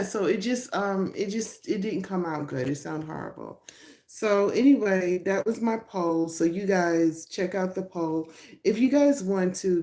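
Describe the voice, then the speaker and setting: Livestream host: middle-aged woman, chatty and rambling, mellow tone, echoey room over a phone mic. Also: mid-range voice. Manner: chatty, rambling, laughs often. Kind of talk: casual live-stream chat with viewers. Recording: roomy echo.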